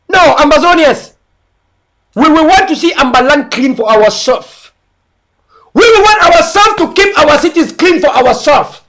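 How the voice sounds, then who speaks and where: A man's voice: very high-pitched, fairly bright tone. A man with a Cameroonian English accent, switching into Pidgin, giving mocking and preachy political commentary. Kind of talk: impassioned online commentary.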